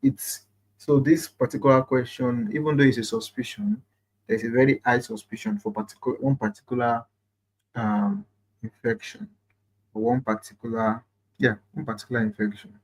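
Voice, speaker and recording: A man's voice: medium pitch, moderate pace, breathy edge, rough recording. A man hosting a live online nursing quiz, reading questions aloud, repeating phrases and chatting with viewers. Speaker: nurse quiz host.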